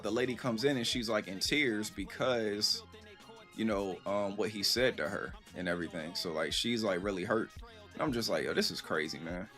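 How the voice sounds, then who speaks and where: A man telling a story casually to his live stream chat, animated and rambling, acting out the voices he quotes. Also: mid-range voice.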